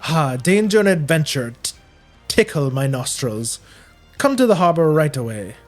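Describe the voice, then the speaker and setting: A grandiose, vain merchant adventurer with a put-on Spanish accent, voiced by a man. He swoops up and down in a fairly high, lively voice, boasting dramatically. Faint music plays behind. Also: moderate pace. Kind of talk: reading a game's dialogue aloud in character.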